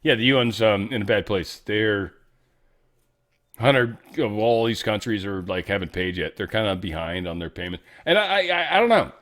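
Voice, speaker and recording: A man's voice: on the low side, lively intonation, normal speed, fairly bright tone. A man hosting a casual news commentary show, rambling through stories with profane, jokey asides. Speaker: show host.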